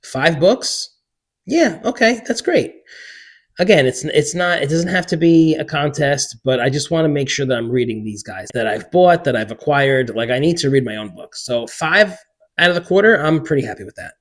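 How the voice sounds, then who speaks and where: A man in his forties, a book vlogger, chatting casually to camera in an excitable way with many filler words. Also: on the high side, moderate pace. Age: 40s.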